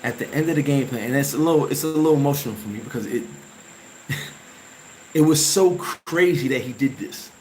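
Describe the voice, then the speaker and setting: A man hosting a vlog, telling an emotional story from his playing days in a casual, animated way, full of restarts and sound effects. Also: medium pitch, normal speed, a little hiss or hum, low-quality recording. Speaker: vlog host.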